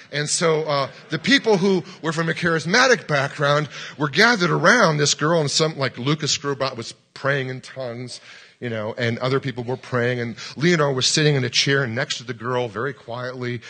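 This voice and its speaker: Bright-voiced man telling a sermon story. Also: medium pitch. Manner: animated storyteller, acts out dialogue, shouts commands. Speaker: pastor.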